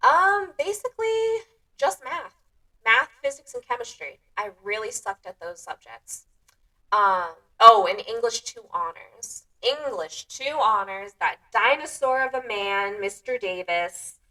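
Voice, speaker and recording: A woman's voice: on the high side, animated, unhurried, bright, forceful tone. A woman hosting her own podcast, chatting casually and self-deprecatingly, often laughing at herself. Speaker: podcast host. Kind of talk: casual solo chat. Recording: voice a bit distant from the mic.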